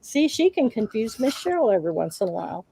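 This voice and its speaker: A woman's voice: fairly high pitch, very animated, quick pace, creaky, warm tone, slightly rough, no echo. A woman hosting a casual craft livestream, reading out chat comments and laughing often between remarks.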